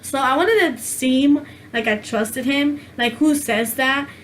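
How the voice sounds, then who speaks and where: A woman chats through a personal story to her viewers, rambling and leaning on "like" at every turn. Her voice sits fairly high, and a faint hiss runs underneath it. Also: slow pace, a bit bright. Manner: rambling, chatty, heavy use of "like". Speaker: vlogger telling a story. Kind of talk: casual storytime chat.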